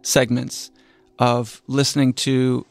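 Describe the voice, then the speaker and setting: Male expert interviewee, analytical, gravelly, mid pitch. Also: monotone, takes it slowly, faint music behind.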